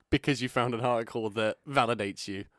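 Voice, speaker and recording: A man's voice: medium pitch, moderate pace, no echo, studio quality. A man co-hosting a podcast in casual chat, teasing and wry with frequent laughter. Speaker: podcast co-host. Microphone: podcast microphone.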